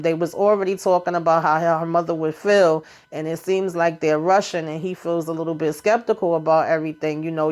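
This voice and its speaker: A woman's voice: fairly low pitch, darkish tone. A woman giving a casual, sassy recap of a reality TV episode, full of chatty asides.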